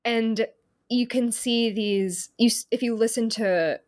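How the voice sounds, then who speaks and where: A woman's voice: a little high, steady tone, slow pace. Woman author in interview, articulate but filler-heavy, conversational. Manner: articulate, frequent fillers like "you know" and "um". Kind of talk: interview answers.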